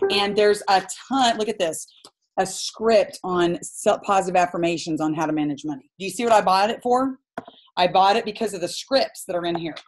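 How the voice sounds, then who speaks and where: A woman coaching a live group call, talking in an animated and direct way and laughing often. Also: medium pitch.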